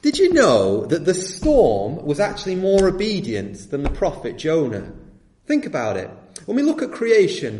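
A man preaching a sermon, swinging between loud urging and quiet, earnest appeals to his listeners. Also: fairly high pitch. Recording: echoey room.

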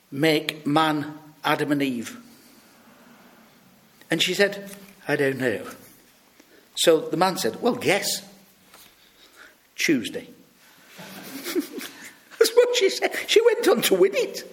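A British man preaching a sermon, telling stories and acting out the people he quotes. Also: a little high. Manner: storytelling, lively, acts out quoted voices.

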